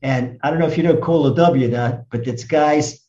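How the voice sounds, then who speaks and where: A man in his seventies from the United States, a rabbi telling stories emphatically in a conversation, swinging from loud to hushed. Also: fairly high pitch, moderate pace, roomy sound, dull audio. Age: 70s. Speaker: rabbi and guest speaker. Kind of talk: animated storytelling in conversation.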